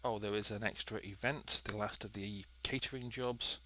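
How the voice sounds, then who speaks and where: Lower-voiced man narrating gameplay. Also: fairly even intonation, moderate pace, pushed and bright. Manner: chatty, dry, methodical. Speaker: let's play host. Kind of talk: gameplay commentary.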